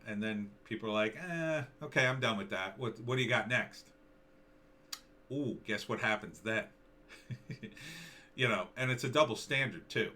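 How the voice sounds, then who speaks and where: Sarcastic rambling man with a bright edge. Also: fairly low pitch, slight background noise. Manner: rambling and sarcastic, with frequent fillers and restarts. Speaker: commentary vlogger. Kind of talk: opinionated casual commentary.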